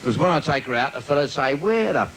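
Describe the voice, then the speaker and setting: A man's voice: a little high, expressive, fast. A man with a London accent doing a bawdy stand-up routine in a live theatre, bantering cheekily with the crowd and laughing at his own jokes. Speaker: stand-up comedian. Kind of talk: live comedy club routine. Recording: noisy 1980s live video.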